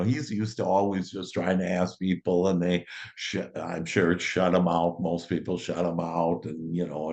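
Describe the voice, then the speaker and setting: Low-voiced male host, chatty, upbeat storyteller. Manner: enthusiastic storyteller with laughs.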